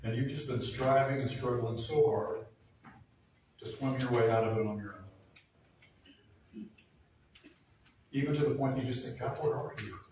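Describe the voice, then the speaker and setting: A male pastor preaches a sermon in an earnest, steady, darkish voice of middling pitch that swells to emphatic peaks, at normal speed with long pauses. Captured from far off in a large, echoey room, it carries heavy reverb, faint ambience, and a little hiss or hum.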